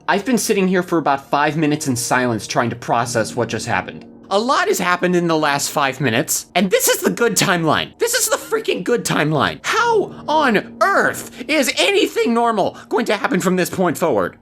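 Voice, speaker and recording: A woman reading a story game aloud and reacting with excited, disbelieving exclamations. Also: on the low side, moderate pace, few pauses. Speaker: game streamer.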